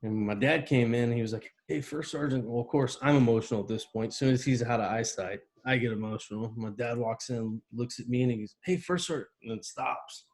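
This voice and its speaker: A mid-pitched man, a veteran guest, recounts a personal memory in an interview. He tells it vividly and acts out the voices and sounds in it. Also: steady tone, fairly quick, hardly any pauses, a little mellow. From United States. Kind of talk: emotional personal storytelling.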